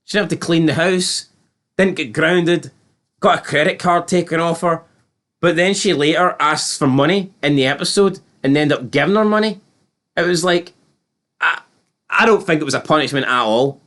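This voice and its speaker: A man's voice: fairly high pitch, normal speed. A man co-hosting a casual TV review chat, rambling and incredulous as he retells scenes. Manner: chatty, rambling, incredulous, animated retelling with quoted voices. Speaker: podcast co-host reviewing a TV episode.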